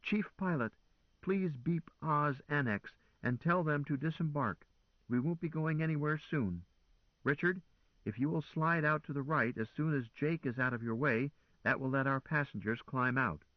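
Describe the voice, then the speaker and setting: A man voicing a calm, teasing woman commodore who gives orders with wry composure. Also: fairly high pitch, moderate pace, no echo, muffled recording, pitched above the performer's own voice, close to an everyday voice. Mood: commanding.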